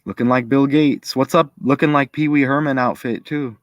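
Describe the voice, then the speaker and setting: A man's voice: medium pitch, steady tone, normal speed, no echo, lo-fi sound. A man giving casual commentary to his viewers, chatty and thinking aloud as he goes. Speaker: video creator.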